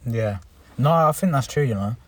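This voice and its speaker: A man's voice: medium pitch, lively intonation, moderate pace, no room sound, distant mic. A young man, co-hosting a podcast in casual chat, laid-back and slangy, swearing freely, recorded inside a car. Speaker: podcast co-host.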